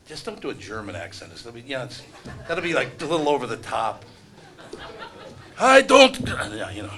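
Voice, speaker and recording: A middle-aged radio host emcees a live event with a bright, forceful voice. He trades wry, sarcastic asides and self-deprecating jokes with the audience. His pitch sits in an ordinary male middle range. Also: very animated, fast.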